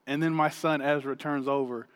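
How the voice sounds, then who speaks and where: A man in his thirties preaching a sermon, energetic and chatty, telling a family story with laughs. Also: fairly high pitch, normal speed, clear, resonant tone, big-room sound. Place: church hall stage.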